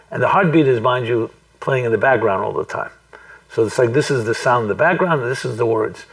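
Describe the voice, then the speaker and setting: A man, a rabbi, telling a story to a live group, speaking thoughtfully and deliberately with frequent restarts. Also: medium pitch, lively intonation, far from the mic, rough recording. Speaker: rabbi giving a talk. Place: room with a small audience.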